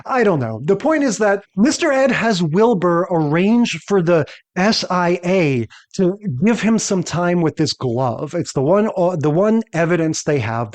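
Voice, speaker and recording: Chatty man, slightly high voice. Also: darkish tone. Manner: rambling, often checks in with "right?". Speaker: podcast co-host. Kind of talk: casual chat.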